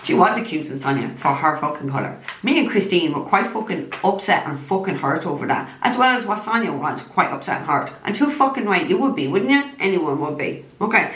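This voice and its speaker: A woman's voice: mid-range voice, a bit bright. An Irish woman, a psychic medium, ranting bluntly to camera, swearing heavily in a heated tone. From Ireland. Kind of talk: angry direct-to-camera rant. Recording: roomy echo.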